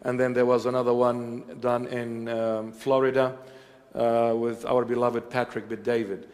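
Halting preacher man in an echoing hall. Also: mid-range voice, level tone, darkish tone. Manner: halting, many fillers, joking with congregation. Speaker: church bishop preaching. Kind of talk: sermon with question and answer. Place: church hall with congregation. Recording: long reverb of a large hall.

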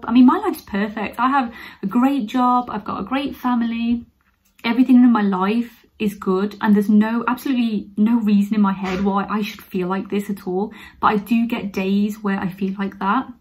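Woman, nurse, candid heart-to-heart vlog, mid-pitched, earnest. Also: darkish tone, poor audio. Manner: earnest, open, turns emotional and teary at times. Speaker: nurse vlogger. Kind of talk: heartfelt personal talk to camera.

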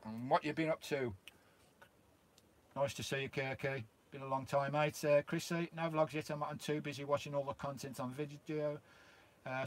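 A chatty middle-aged man from the UK hosts a casual live stream outside his campervan. He talks into a handheld camera, greets each viewer like an old mate, and his voice sits a little on the high side. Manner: chatty and friendly, greets viewers by name, calls them mate. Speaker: vlogger hosting a live stream.

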